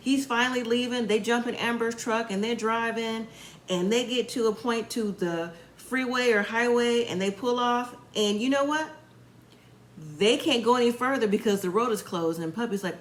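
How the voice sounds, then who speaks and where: A woman's voice: a little high, echoey room. A woman casually retelling a reality show episode, chatty and opinionated, acting out what the people said. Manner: chatty storytelling, acting out quotes. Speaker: reality show recap host. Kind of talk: casual recap commentary.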